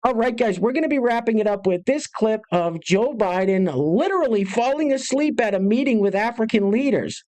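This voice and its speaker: Host: a man, brisk and sarcastic, casual commentary to camera. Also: high-pitched, expressive, darkish tone. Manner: brisk, sarcastic, addresses viewers directly.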